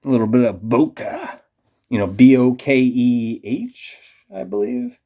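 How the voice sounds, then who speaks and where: Profane ranting man, mellow dark voice. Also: mid-range voice, expressive, unhurried, gravelly. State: tipsy from drinking beer. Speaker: vlogger. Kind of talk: rambling monologue to camera.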